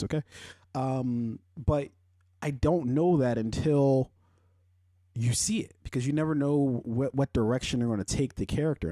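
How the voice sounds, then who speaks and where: Young guy rambling on his podcast, cussing a lot, warm dark voice, dry close sound. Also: fairly low pitch, dry recording. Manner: rambling, profane, swings into loud animated rants. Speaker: podcast host. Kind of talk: casual pop-culture chat.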